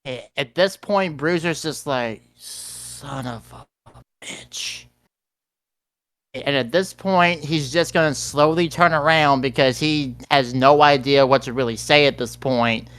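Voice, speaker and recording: A man taking part as a player in a tabletop role-playing game, talking in a relaxed way and laughing between lines. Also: on the high side, normal speed, hardly any pauses, clear, resonant tone, dry recording. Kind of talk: casual tabletop role-play.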